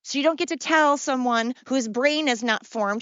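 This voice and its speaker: A woman hosting a podcast in a casual monologue, excited, brash and mocking, swearing freely. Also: high voice, normal speed, few pauses, smooth, dry recording, lo-fi sound. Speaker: podcast host.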